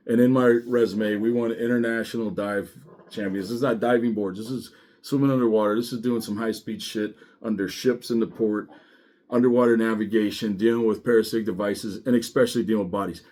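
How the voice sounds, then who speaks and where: A man's voice: fairly low pitch, a little mellow. A man, a former deputy, telling a blunt, profane story casually to camera and quoting others as he goes. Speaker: former sheriff's deputy and diver.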